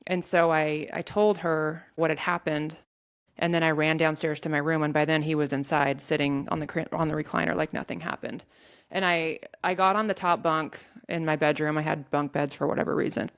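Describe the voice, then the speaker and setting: A woman telling a painful personal story in an interview, in a halting way with many restarts. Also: low voice, creaky, a bit bright. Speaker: guest sharing her story.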